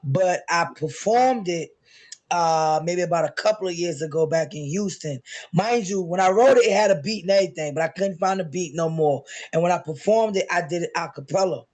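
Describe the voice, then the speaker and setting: A man with a hoarse voice, chatting as a guest poet in a hyped, slangy way before he performs. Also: sits high, fairly quick, a little mellow. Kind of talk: casual chat before a performance.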